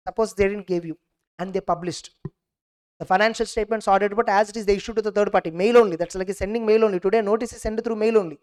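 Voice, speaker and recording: A young woman giving an animated exam revision lecture, acting out both sides of each case and checking her class with "clear?". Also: mid-range voice, quick pace. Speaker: teacher.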